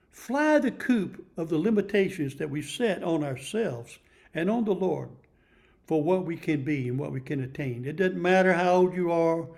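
A man's voice: on the high side, creaky, a little mellow. A man in his seventies preaching a sermon in a folksy, emphatic storytelling manner, often repeating himself. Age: 70s.

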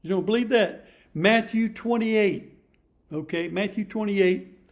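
A man's voice: sits high, unhurried. A man in his seventies preaching a sermon in a folksy, emphatic storytelling manner, often repeating himself. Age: 70s.

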